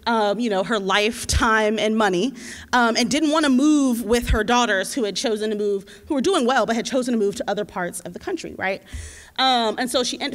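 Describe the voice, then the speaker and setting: A woman in her twenties, a community organizer, telling a lively, slangy story at a teach-in. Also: on the high side. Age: 20s. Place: lecture hall. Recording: reverberant hall.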